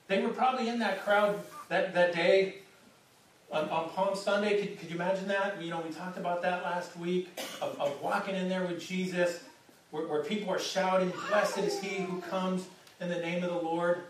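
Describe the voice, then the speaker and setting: A man's voice: high voice, fairly even intonation, normal speed, slight background noise. A man preaching a sermon in a conversational way, often repeating words as he starts a phrase. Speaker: pastor. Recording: echoey hall, distant mic.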